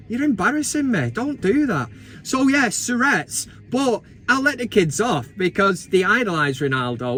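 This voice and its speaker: A man's voice: high voice, fairly bright tone. A man in his thirties hosting a football vlog, giving blunt, sweary and mocking commentary in a casual chat.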